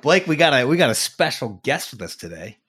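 A man hosting a podcast, chatting casually and teasing his co-host in an animated, joking way. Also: mid-range voice, a little fast, slightly rough. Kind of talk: casual chat.

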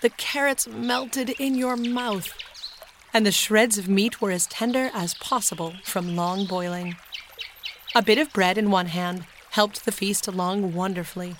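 A woman narrating a children's storybook in a clear, steady manner. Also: mid-range voice, normal speed, slight background noise. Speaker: audiobook narrator.

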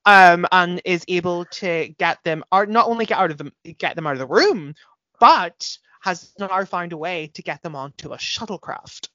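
Woman co-host, low-ish voice, chatty and sweary, dry close mic with slightly dull sound. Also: normal speed, no echo. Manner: chatty, animated, swears freely, many fillers. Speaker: podcast co-host. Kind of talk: casual chat reviewing a TV episode.

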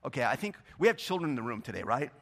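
A man preaching a sermon in a church, swinging between loud, emphatic bursts and quieter scripture reading. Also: mid-range voice, big pitch swings, racing. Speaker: pastor. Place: church sanctuary.

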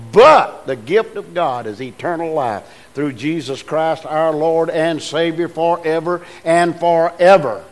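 An older man preaching a sermon in a folksy, homespun way, moving between hushed storytelling and rising, emphatic preaching. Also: fairly high pitch. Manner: folksy, homespun phrasing with repeated restarts.

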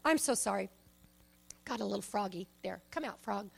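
A woman preaching a sermon, emphatic, shifting between loud exhortation and soft asides and personal stories. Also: mid-range voice, expressive, a little slow, creaky, long pauses, slightly rough. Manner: tells personal stories, acts out quoted speech.

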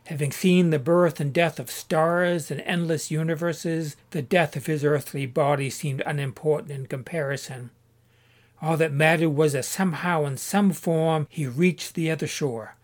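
A man with a fairly high voice reads a story aloud as scripted audiobook narration, keeping a steady, measured delivery.

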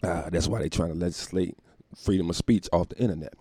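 A man hosting a solo podcast and ranting casually, profane and animated, laughing often while recording at home. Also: low-pitched, fast talker, gravelly, no echo, studio quality. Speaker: podcast host.

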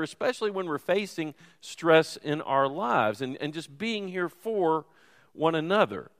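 A man's voice: on the high side, a bit bright, big-room sound. A man preaching a sermon as teaching pastor, in a conversational, folksy way. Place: church sanctuary.

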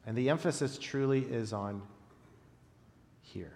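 A man preaching a reflective sermon, pausing often and letting his phrase endings fall soft. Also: mid-range voice, lively intonation. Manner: reflective, with long pauses and softly dropped phrase ends. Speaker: pastor. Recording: long reverb of a large hall.

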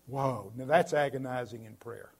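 A male pastor preaching a sermon in an earnest, emphatic way, his voice swelling loudly at points. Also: medium pitch, normal speed, breathy edge.

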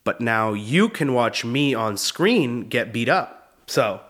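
Guy doing a sheepish man pleading his case, slow and mock-reasonable. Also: medium pitch, animated, a bit bright. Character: famous male actor sheepishly excusing himself.

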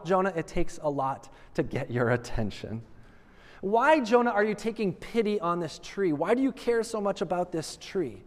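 A calm, patient god, as a preacher puts him on, asking quiet reproving questions. His voice is high and carries a long echo through a big hall. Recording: long reverb of a large hall.

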